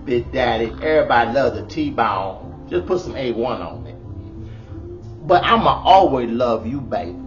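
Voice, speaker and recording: A man's voice: medium pitch, sing-song, normal speed, dull audio, soft background music. A middle-aged man, doing a comedic monologue of relationship advice, exclaiming and hamming it up in a bold persona.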